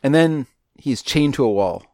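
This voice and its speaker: Male co-host retelling a movie scene in casual, rambling chat; middle pitch, dry recording. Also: expressive, normal speed, mellow, no room sound. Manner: rambling, with many restarts. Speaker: podcast co-host.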